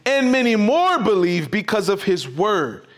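A man's voice: high-pitched, sing-song, unhurried. A man preaching a sermon as pastor, emphatic and repetitive. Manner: emphatic, repetitive preaching with sudden swings in loudness.

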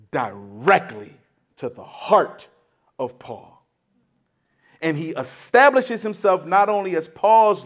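A man preaching a sermon, teaching emphatically, restarting phrases and checking in with the congregation. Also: high voice. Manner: emphatic teaching with frequent restarts and rhetorical "right?".

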